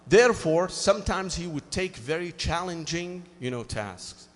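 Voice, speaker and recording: Animated preacher man in echoing hall. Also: fairly high pitch, measured pace. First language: Arabic. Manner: animated, acts out both sides of a dialogue, frequent "you know" fillers. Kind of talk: sermon storytelling.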